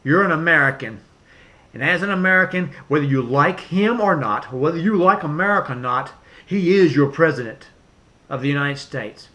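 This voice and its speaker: A man's voice: on the high side, expressive, moderate pace, bright, forceful tone. A man ranting emphatically to camera in a vlog, repeating himself with many fillers and restarts. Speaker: vlogger. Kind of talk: political rant to camera.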